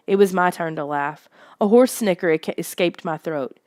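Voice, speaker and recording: A woman's voice: lowish voice, moderate pace, darkish tone, dry recording, studio quality. Woman narrating a children's story. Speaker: audiobook reader. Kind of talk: scripted first-person narration.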